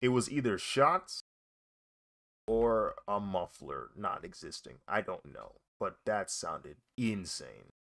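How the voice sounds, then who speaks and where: A man's voice: deep voice, sing-song, slow, vocal fry, fairly bright tone. A young man chatting casually and reacting while he draws, slangy and laughing often. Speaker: artist streaming while drawing.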